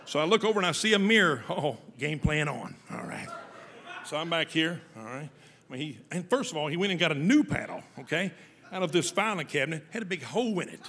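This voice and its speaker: A man telling a humorous story to an audience, folksy and lively, often laughing as he goes. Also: a little high, a little fast, creaky, long reverb tail, a little hiss or hum.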